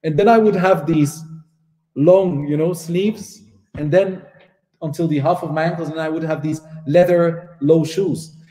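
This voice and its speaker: A Belgian man in his forties giving a religious lesson, telling personal stories in a lively anecdotal way. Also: on the high side, a little slow. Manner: warm anecdotal storytelling with laughs and acted dialogue. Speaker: Islamic teacher. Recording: echoey hall.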